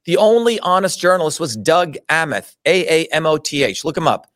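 A man's voice: fairly high pitch, animated, a little fast, a bit bright, no room sound, studio quality. A middle-aged man telling his own story in an interview, indignant, emphatic and full of swearing. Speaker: interview guest. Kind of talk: heated personal storytelling.

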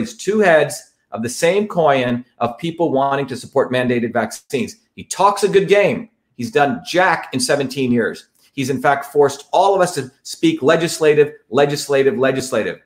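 A man from India hosting a political monologue, talking in an emphatic, repetitive, rallying way as he introduces his guest. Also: medium pitch. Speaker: host.

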